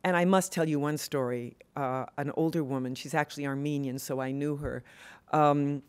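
Speaking at an award event, an older woman who advocates for women's health has a low, steady, darkish voice with a clean tone and a normal speed. Her passionate, earnest remarks are full of fillers and restarts.

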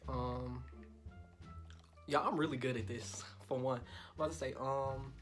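Young guy vlogging, loud and cussing a lot, goes all soft reading his texts, music going in the back. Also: mid-range voice, steady tone, unhurried. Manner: loud, profane and joking, swings to soft mock-romantic reading. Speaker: YouTuber. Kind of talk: casual vlog talk.

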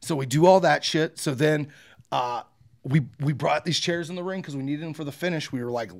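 A man's voice: fairly high pitch, brisk. A man in his thirties, a pro wrestler, telling stories in a casual interview, acting out quotes and swearing freely. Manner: animated storyteller, acts out quotes, swears freely.

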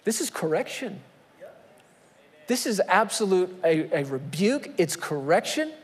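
A man's voice: high voice, very animated, measured pace, breathy edge. A man preaching a sermon from the pulpit, emphatic, posing rhetorical questions to the congregation. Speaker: pastor. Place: church sanctuary. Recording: long reverb of a church hall.

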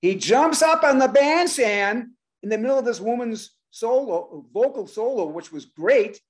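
An older man, a drummer, telling an animated story on a talk show and acting out the voices of the people in it. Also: extremely high pitch, measured pace. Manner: animated, acts out voices and shouts in his stories. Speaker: guest drummer.

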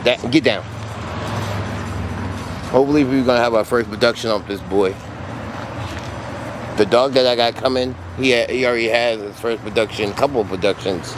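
A man filming a casual vlog at his dog kennel, talking excitedly and in slang straight to his viewers. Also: mid-range voice, moderate pace, pauses often. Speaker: dog breeder and kennel owner. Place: outdoors at a kennel yard. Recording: loud outdoor noise with traffic.

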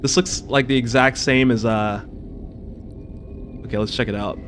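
A man's voice: mid-range voice, steady tone, normal speed, fairly bright tone, a little hiss or hum. A young man giving let's play commentary on a survival game, jumpy and swearing a lot, yelping and panicking whenever creatures come near. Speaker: gamer.

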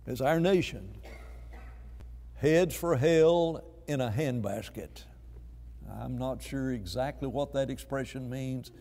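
A man preaching a sermon, swinging from hushed tones to loud outbursts and repeating words as he finds his place. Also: medium pitch, takes it slowly. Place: church sanctuary. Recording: long reverb of a church hall.

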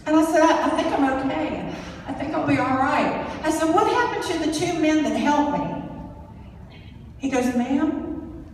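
A woman speaking on a convention stage, giving a motivational talk and telling a story with dramatic pauses, through a hall microphone. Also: high voice, animated, slight background noise. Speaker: conference speaker. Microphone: handheld stage microphone through PA. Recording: echoey arena from far off.

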